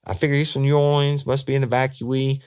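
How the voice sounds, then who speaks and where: A man voicing an excited, stuttering male suspect in a told story. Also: mid-range voice, fast talker, smooth, voice pushed up, lightly acted. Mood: eager. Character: stammering, eager male murder suspect.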